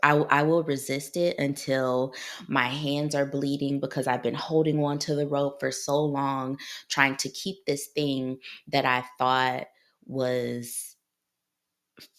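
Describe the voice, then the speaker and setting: A woman's voice: a bass voice, flat delivery, slow. A woman in her thirties from Ohio, a clinical psychologist hosting her own podcast, talking in a heartfelt, personal way and often repeating herself. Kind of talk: solo podcast monologue.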